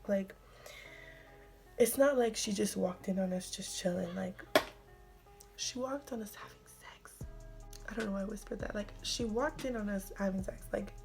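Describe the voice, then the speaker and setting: A young woman tells a story to her camera, chatty and loose, leaning on fillers and now and then slipping into a whisper. Her voice carries plenty of gravelly vocal fry at a middling pitch, and faint music plays underneath. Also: normal speed. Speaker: vlogger. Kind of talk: casual storytime.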